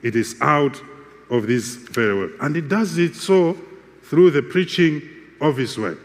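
A man preaching a sermon with a measured, emphatic delivery and repeated phrases. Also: medium pitch, big-room sound.

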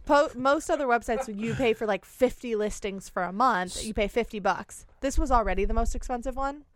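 A woman's voice: a little high, slight background noise. A woman, a real estate broker chatting on a podcast, often restarting her sentences. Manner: halting, restarts mid-sentence. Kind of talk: casual podcast chat.

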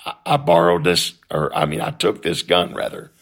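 A man voicing a frail, remorseful dying old man in a low, quiet and halting voice. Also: big pitch swings, creaky, heavily acted. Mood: remorseful, tearful.

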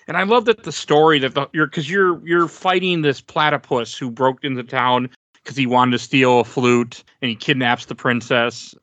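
A man's voice: medium pitch, fairly even intonation, normal speed, fairly bright tone, no room sound. A man co-hosting a casual chat about video games, telling stories with frequent restarts.

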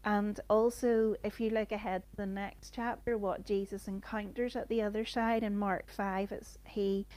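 A woman's voice: mid-range voice, little pitch movement, normal speed, few pauses, a little mellow. A woman giving an informal sermon, reading scripture and then explaining it in an earnest, conversational way full of "you know". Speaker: preacher.

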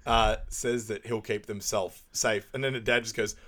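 Man, podcast co-host, low voice, casual recap, laughs often, acts out quotes. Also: moderate pace. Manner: laughing, animated retelling of quotes. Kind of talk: casual movie recap chat.

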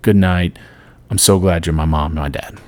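A middle-aged man hosting a solo podcast, giving an earnest motivational talk that swings between loud and soft. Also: sits low, fairly even intonation, moderate pace. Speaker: podcast host.

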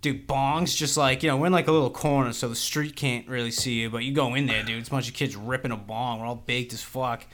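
A man co-hosting a podcast, telling animated stories in casual, profane chat and saying "dude" constantly. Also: mid-range voice, a little fast, hardly any pauses. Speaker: podcast co-host.

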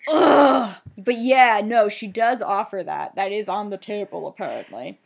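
A woman's voice: mid-range voice, measured pace, vocal fry, husky. A woman co-hosting a podcast, recapping a TV episode in casual, chatty talk with lots of fillers and some swearing. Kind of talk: casual chat.

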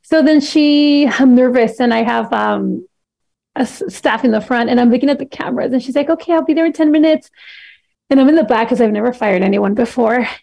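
A woman's voice: on the high side, brisk, creaky. A woman in her thirties, a podcast guest, telling a story in casual chat and acting out what people said. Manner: animated storyteller acting out quotes, frequent laughs.

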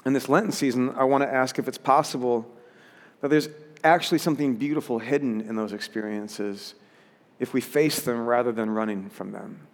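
A man's voice: mid-range voice, steady tone, moderate pace, in a large hall. A pastor preaching a sermon in an earnest way, rising to emphatic peaks as he reads scripture.

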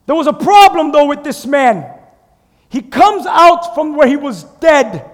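A male pastor preaching a sermon with animated storytelling, putting questions to the congregation. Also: extremely high pitch, measured pace, long reverb tail.

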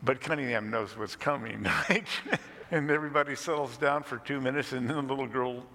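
Man, pastor, sermon storytelling, gravelly, bright, long hall reverb. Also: medium pitch, a little fast. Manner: lively storyteller who chuckles between lines.

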